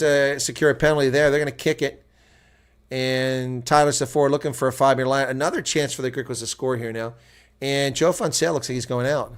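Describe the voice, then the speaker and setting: An American man giving live reaction play-by-play commentary, chatty with viewers and breaking into loud shouts at big plays. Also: mid-range voice. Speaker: host.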